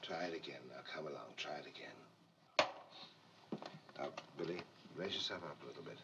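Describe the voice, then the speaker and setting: A man's voice: rumbling low, expressive, a little fast, gravelly. A man directing actors on an outdoor film set, coaxing and instructing them in a fussy way, heard on a dull, noisy archival recording.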